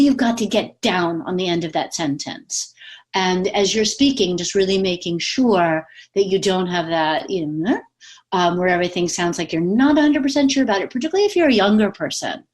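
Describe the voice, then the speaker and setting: A woman coach talks casually from home over a video call, with a mid-pitched, ordinary voice for a woman. She is lively and chatty and laughs easily as she explains her advice. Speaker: communication coach. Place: home with pets.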